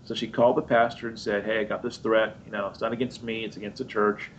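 A man's voice: fast, dull audio, slight background noise. A man preaching, telling a story from his own life and acting out the voices in it. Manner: animated storyteller acting out his own voice and others, high squeaky jumps. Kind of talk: sermon storytelling.

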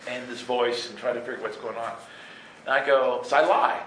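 A man telling stories from his life in an animated way, laughing and acting out voices. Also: mid-range voice, brisk, slight background noise. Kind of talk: storytelling talk. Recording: echoey room with faint ambience.

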